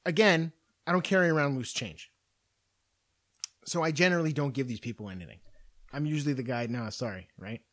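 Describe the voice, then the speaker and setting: A man's voice: mid-range voice, fairly quick, pauses often. A young man hosting a podcast, ranting in casual, profane storytelling about everyday annoyances. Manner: profane, animated storytelling rant. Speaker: podcast host.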